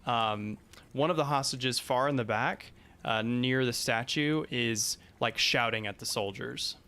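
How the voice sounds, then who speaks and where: A man's voice: mid-range voice, unhurried, sharp tone. A man narrating as game master of a tabletop game, hesitant and full of fillers.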